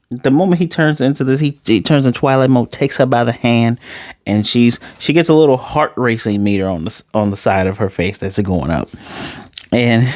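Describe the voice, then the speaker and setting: A man's voice: medium pitch, no echo, studio quality. A young man recapping and reviewing an anime episode in a loose, joking, slangy way, swearing freely.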